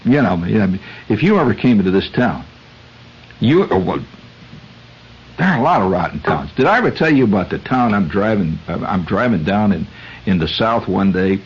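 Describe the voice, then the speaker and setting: A man's voice: lowish voice, animated, fairly quick, breathy edge, muffled recording. An American man hosting a radio show, telling a rambling story in a conversational way with many fillers, on a 1970s radio recording. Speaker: radio host. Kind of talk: storytelling monologue.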